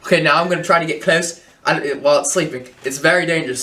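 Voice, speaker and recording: A man's voice: on the high side, quick pace, sharp tone. A man playing a news field reporter, giving a playful mock report in a nature-documentary spoof.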